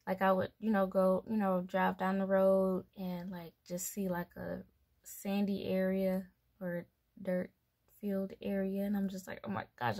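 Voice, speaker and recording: Woman, young adult, gravelly fry, slow unhurried talk, chatty rambling vlog. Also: medium pitch. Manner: chatty, rambling, laughs between thoughts, many fillers. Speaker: mom vlogger. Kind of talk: casual pregnancy vlog.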